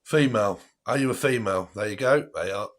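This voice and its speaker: A man's voice: on the low side, brisk, noisy background. Chatty, laughing man reading tarot. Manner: chatty, laughs often between phrases. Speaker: tarot reader hosting a live stream. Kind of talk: casual live stream chat.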